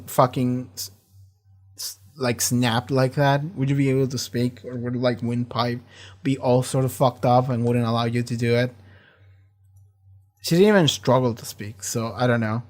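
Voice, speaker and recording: A man hosting a casual reaction commentary on a TV episode, talking in an animated, profane, rambling way. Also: medium pitch. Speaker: show reaction host.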